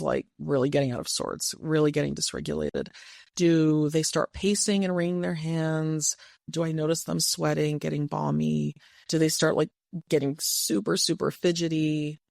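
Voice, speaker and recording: A podcast host giving gentle, reflective relationship advice in a monologue, now and then playful. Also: medium pitch, vocal fry, dry recording, studio quality. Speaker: podcast host and couples coach.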